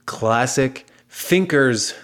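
A man's voice: medium pitch, very slow, fairly bright tone. An American man hosting a podcast in an upbeat, joking, chatty way. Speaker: podcast host. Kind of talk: casual podcast interview.

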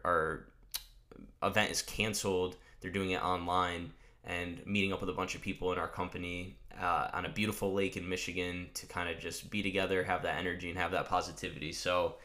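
A man hosting a podcast, giving a loose, energetic motivational monologue and swearing casually. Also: low-pitched. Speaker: podcast host.

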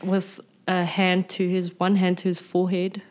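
A woman's voice: lowish voice, completely flat delivery, moderate pace, a little mellow, a little hiss or hum. A woman playing in a tabletop role-playing game hams up her character's actions with theatrical relish. She describes every gesture for dramatic effect. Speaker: player.

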